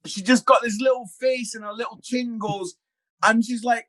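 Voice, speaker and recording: A father chatting casually as a podcast guest, telling a self-mocking story in an animated way. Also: extremely high pitch, moderate pace. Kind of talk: casual chat.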